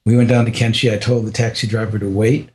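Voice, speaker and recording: An older American man, a podcast guest, telling a personal story in a reflective, unhurried way, with frequent restarts and small laughs. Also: fairly low pitch, little pitch movement, a little mellow. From United States.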